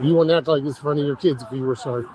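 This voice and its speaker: A woman's voice: sits low, very fast, background noise. A woman police officer speaking bluntly and firmly at a roadside, exasperated, recorded on a body camera. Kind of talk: police encounter. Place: outdoors by a road.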